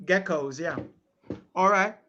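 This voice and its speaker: A man's voice: sits high, slow pace, lo-fi sound. A man interviewing a guest, plainly summing up her answers. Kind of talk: interview questions. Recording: loud background noise.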